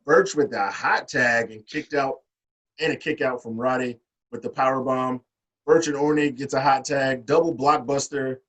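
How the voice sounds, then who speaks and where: A man's voice: mid-range voice, a bit bright, far from the mic, rough recording. A man hosting a casual wrestling podcast, cursing freely as he reads his shorthand match notes. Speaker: podcast host.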